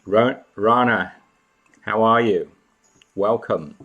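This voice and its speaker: A man's voice: on the low side, takes it slowly, bright, forceful tone, dull audio. A man hosting a casual live chat from home, greeting viewers by name and snacking as he talks. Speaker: live stream host.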